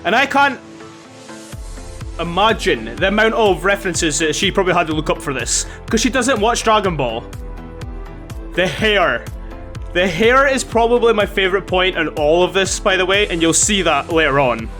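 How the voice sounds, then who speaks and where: Chatty high-voiced man hosting a vlog. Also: lively intonation, moderate pace, sharp tone, faint music behind. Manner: chatty, laughs often, mild swearing. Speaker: YouTube host. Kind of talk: casual reaction vlog chat.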